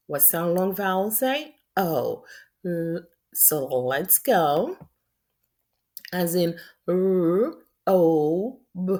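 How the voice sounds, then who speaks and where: A middle-aged Haitian woman teaching young children phonics, sounding out letters and words slowly and clearly. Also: lowish voice, darkish tone.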